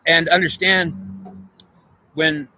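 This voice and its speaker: A man's voice: a little high, little pitch movement, slow, sharp tone, poor audio. A man delivering a rambling spiritual monologue, insistently repeating himself and often asking whether the listener understands. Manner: repetitive, insistent, asks "do you understand"; frequent restarts and stammered repeats.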